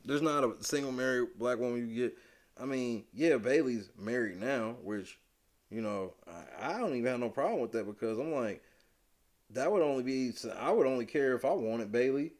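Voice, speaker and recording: This podcast co-host talks at a normal speed with lively intonation while chatting casually about reality TV. His opinions come out blunt, profane, and slangy, veering between muttered asides and loud, emphatic rants.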